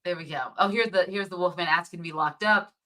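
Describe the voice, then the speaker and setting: Bright-voiced woman chatting casually. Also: fairly low pitch, fast. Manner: retells the plot in a lively, chatty way with frequent laughs. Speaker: co-host reviewing a movie. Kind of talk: casual chat.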